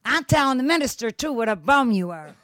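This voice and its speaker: A woman's voice: high-pitched, sing-song, brisk, fairly bright tone. A woman voicing a bitter, foul-mouthed older daughter who sneers, scolds and curses. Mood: scolding.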